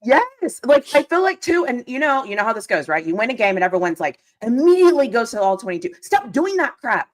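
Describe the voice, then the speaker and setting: A woman hosting a live football recap show, talking as an excited, ranting fan who laughs often. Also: on the high side, fairly quick, hardly any pauses. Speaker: podcast host. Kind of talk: live sports recap chat.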